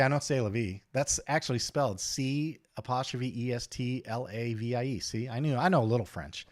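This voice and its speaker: A man's voice: medium pitch, a little fast, few pauses, fairly bright tone, no room sound, studio quality. A man hosting a casual livestream, chatty and blunt, joking and ranting while he reads viewer comments. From United States. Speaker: livestream host.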